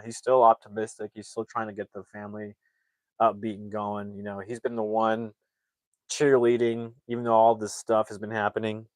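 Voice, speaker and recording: Here a young movie reviewer with a lower voice goes through a film's plot at a moderate pace, with no room sound. It's a rambling, lively retelling in which he voices the characters' dialogue himself.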